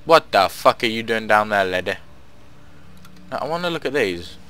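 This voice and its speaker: A man's voice: on the low side, lively intonation, normal speed, sharp tone, clear, resonant tone. A young man casually commentating a story game, sarcastic and swearing freely, talking back at the characters on screen. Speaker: gamer playing through a story game. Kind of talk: casual let's-play commentary.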